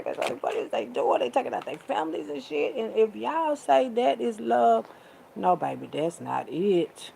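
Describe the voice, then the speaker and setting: A woman's voice: medium pitch, sing-song, gravelly, noisy background. A woman, sassy and preachy, calling listeners baby and child. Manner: sassy, preachy, drawn-out with pet names. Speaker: vlogger. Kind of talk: casual monologue to camera.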